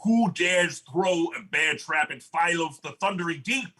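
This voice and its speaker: Man doing a haughty dragonfolk wizard, bright husky voice, pompous. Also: on the high side, animated, unhurried, exaggerated voice, rough recording. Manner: haughty, stumbling over words.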